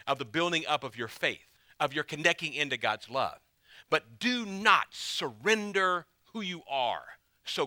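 A man's voice: medium pitch, pushed and bright, no echo. A male pastor preaching a sermon in an emphatic way, repeating key phrases to drive them home.

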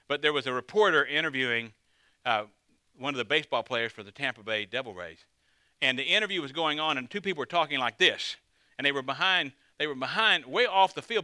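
A man's voice: medium pitch, expressive, fast talker, sharp tone, dry recording. A man, a pastor, preaching a conversational sermon with dramatic emphasis.

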